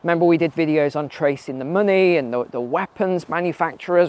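Male vlogger, somewhat high pitch, relaxed talk on a hike, filler-heavy and questioning. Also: fairly quick. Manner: conversational, rhetorical questions, frequent fillers. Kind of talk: casual commentary while walking outdoors. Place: outdoors on a mountain trail.

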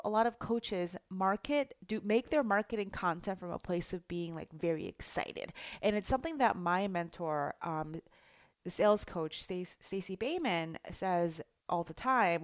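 A woman coach giving a teaching monologue in a bubbly, emphatic, energetic way. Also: on the low side, no echo, clean studio sound. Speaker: life coach.

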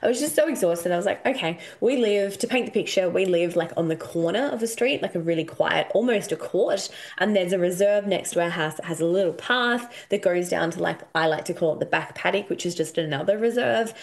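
Australian woman, 30s, casual podcast host; chatty, animated storytelling. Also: on the low side, a little fast, hardly any pauses. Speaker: podcast host and intuition coach. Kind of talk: casual solo podcast talk.

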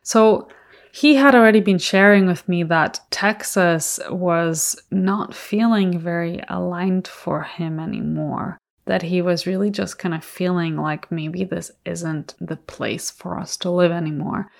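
Earnest female podcast host, lower voice with plenty of vocal fry, reflective storytelling. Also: measured pace.

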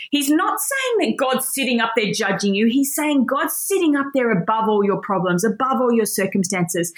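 A woman giving an earnest, enthusiastic devotional Bible teaching, often calling her listeners "guys.". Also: fairly high pitch.

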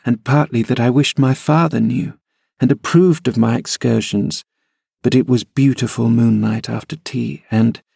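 A man reading a classic novel aloud as an audiobook, measured and expressive, shifting his voice for the characters. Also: medium pitch, creaky, breathy edge, no room sound, studio quality. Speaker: audiobook reader.

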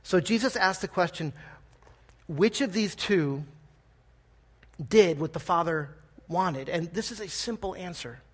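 A man preaching a sermon in a church, talking conversationally, with gentle humor and frequent questions to the congregation. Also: high voice, lively intonation, measured pace, long pauses. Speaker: pastor. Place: church sanctuary.

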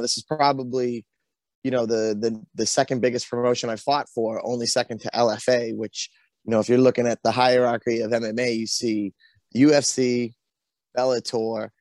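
A man's voice: medium pitch, no echo. Boston man rambling with lots of "you know". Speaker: pro fighter as guest. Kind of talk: casual interview talk.

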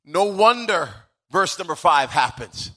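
A male pastor with a high-pitched, sharp-toned voice preaches a sermon unhurriedly, with big pitch swings. He swells into sung-out, emphatic lines, then eases back into conversational asides.

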